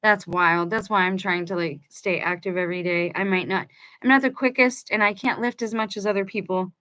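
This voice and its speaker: A woman's voice: mid-range voice, steady tone, a little fast, pushed and bright. A woman reading a book aloud to her viewers and breaking off into casual commentary, talking in a conversational way with restarts. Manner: conversational, chatty asides to viewers, restarts mid-sentence.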